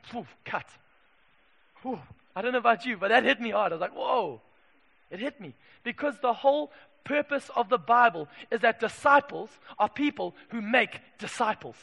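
High bright-voiced preacher guy from zimbabwe, gravelly edge, sermon booming in a big echoey church hall. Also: animated, moderate pace. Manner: passionate, swings from hushed to shouting.

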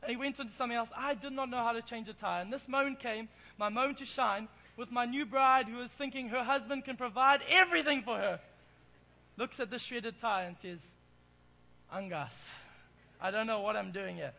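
English guy preaching in church, really high bright voice, jokey self-mocking story. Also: brisk, rough recording. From England. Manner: self-deprecating, playful storytelling. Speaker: pastor. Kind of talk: sermon with humorous storytelling.

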